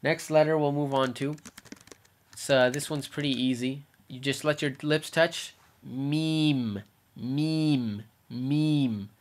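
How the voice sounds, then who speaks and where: A young man giving a casual lesson on letter sounds, repeating each sound slowly to demonstrate it. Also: fairly high pitch, steady tone. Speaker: Arabic letters teacher.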